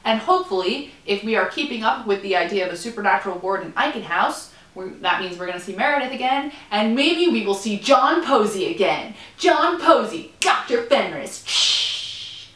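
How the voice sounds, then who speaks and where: A woman's voice: mid-range voice, expressive, moderate pace, fairly bright tone, reverberant. A young woman chatting casually as she recaps a TV episode, rambling with playful asides. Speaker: vlogger. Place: room in a student building.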